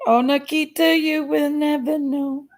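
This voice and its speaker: The recording is rough, and the woman's voice is high-pitched with a level tone. Middle-aged and hosting a casual livestream, she reads viewer comments, playful and talkative, drawing out her exclamations.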